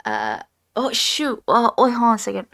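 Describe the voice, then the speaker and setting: A woman's voice: a little high, a little fast, vocal fry, a bit bright. A young woman chatting about a novel as a podcast co-host, jumping ahead and trailing into hesitant asides. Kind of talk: casual book discussion.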